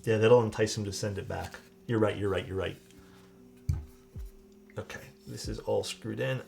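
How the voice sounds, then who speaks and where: Young male streamer, gravelly edge, faint music under him; loose, rambling chat with casual swearing while he works on a build. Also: lowish voice, steady tone, moderate pace, darkish tone.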